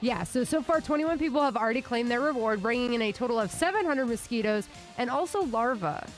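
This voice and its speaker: A woman's voice: a little high, animated, quick pace, soft background music. A woman co-hosting a casual radio podcast, chatting through odd news stories. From Arizona. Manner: chatty, reading off headlines with laughs. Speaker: news co-host.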